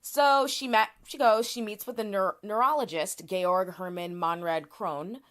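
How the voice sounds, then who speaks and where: A woman's voice: medium pitch, fairly even intonation, measured pace, a bit bright. Chatty woman explaining with restarts. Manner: explanatory, frequent restarts and fillers. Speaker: podcast co-host. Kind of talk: casual chat.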